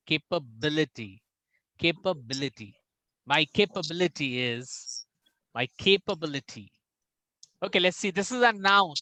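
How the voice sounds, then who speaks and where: A man with an Indian English accent, an English coach drilling pronunciation in an online class, repeating words slowly and slipping into Hindi. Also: fairly high pitch, bright, forceful tone, dry recording, rough recording. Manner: drills words by slow repetition, mixing in Hindi.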